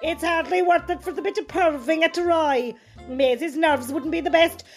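A woman's voice: very high voice, normal speed, soft background music. An actress playing a chatty middle-aged rural woman from North Cork with a North Cork accent, writing in to an advice column. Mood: gossipy. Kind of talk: comic radio sketch.

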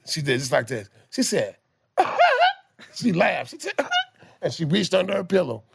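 A man telling street stories in casual chat, with profane slang, animated delivery and stammering restarts. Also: a little high, a little slow, creaky, slight background noise. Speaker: guest telling life stories.

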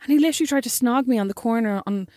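A woman's voice: on the high side, racing, mellow, dry recording, studio quality. A woman co-hosting a podcast, chatting casually in a blunt, teasing way. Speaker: podcast co-host. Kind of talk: casual chat.

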